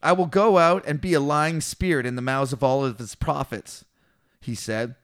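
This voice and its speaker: A man's voice: fairly high pitch, fairly even intonation, normal speed, fairly bright tone. A man casually reading a scripture passage aloud and retelling it in slangy, swearing asides, mimicking the figures. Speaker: podcast co-host reading scripture.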